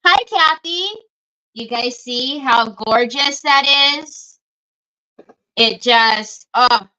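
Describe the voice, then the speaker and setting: A woman's voice: on the high side, steady tone, extremely slow, sharp tone. A middle-aged woman, chatting casually and greeting viewers by name while she crafts on a livestream. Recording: dull lo-fi livestream audio.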